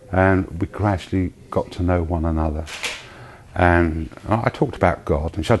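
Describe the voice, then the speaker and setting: A man sharing a personal testimony in a slow, emotional storytelling manner. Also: deep voice, slight background noise, low-quality recording. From United Kingdom. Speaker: charity founder giving testimony.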